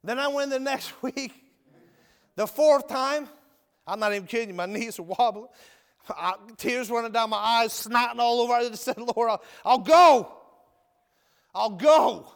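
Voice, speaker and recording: In a church hall with long reverb, an ex-convict turned prison minister preaches his testimony in a high voice, moving between ringing shouts and hushed near-whispers. Folksy in manner, he addresses people as "brother" and "my friend," speaking at normal speed with a clear, resonant tone.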